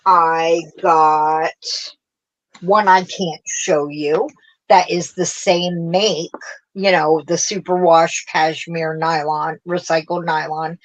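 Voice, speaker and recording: A woman's voice: deep voice, dull audio. A woman hosting a craft livestream, chatting in a rambling way and laughing often as she talks to viewers. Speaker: craft show host. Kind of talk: casual livestream chat.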